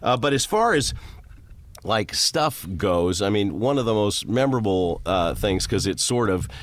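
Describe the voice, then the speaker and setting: Low-voiced man telling long stories. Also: measured pace. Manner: rambling, animated, jumps into character voices. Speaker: voice actor. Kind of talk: storytelling interview guest.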